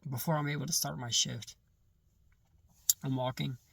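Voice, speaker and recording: Man, gravelly voice, halting personal storytelling, frequent self-corrections, a bit distant from the mic. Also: mid-range voice, fairly even intonation, a bit bright, no echo. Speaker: person sharing a personal testimony. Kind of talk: casual first-person storytelling.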